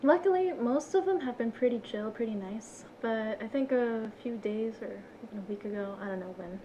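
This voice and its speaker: This young woman, in her twenties, is a podcast guest chatting casually; she giggles and acts out what others said in animated storytelling. Her fairly high voice moves at normal speed, and the recording is muffled with slight background noise.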